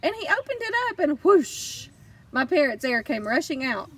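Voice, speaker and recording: A woman narrating a children's audiobook in first person, lively and expressive. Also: sits high, normal speed, far from the mic. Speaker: audiobook reader.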